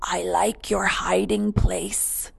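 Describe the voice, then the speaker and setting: A kindly old grandfather duck from a picture book, whispering softly and slowly, as a woman reads him. His hushed voice has a gravelly edge. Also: a little high, animated, heavily acted. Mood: gentle. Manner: soft whispering.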